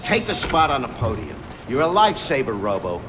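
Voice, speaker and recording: A man voicing an overworked desk officer who sounds harried and rushed. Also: medium pitch, wildly swooping pitch, background noise. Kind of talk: video game voice acting.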